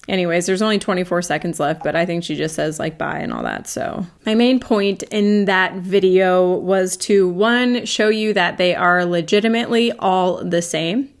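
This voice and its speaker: A woman's voice: on the low side, normal speed, few pauses. Dry, sarcastic woman commentator. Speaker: anti-MLM commentator. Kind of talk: casual reaction commentary.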